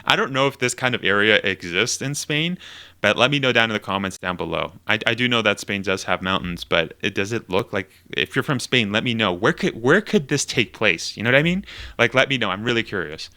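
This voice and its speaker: A man's voice: lowish voice, lively intonation, brisk, sharp tone, smooth. A man hosting his own video, giving casual reaction commentary while thinking aloud, rambling with lots of fillers. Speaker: YouTube host.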